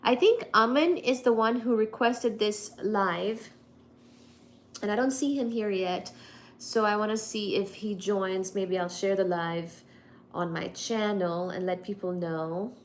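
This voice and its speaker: A woman's voice: medium pitch, unhurried, a little hiss or hum. A woman from India with an Indian accent, hosting a casual livestream and chatting with viewers as she answers their comments. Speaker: livestream host.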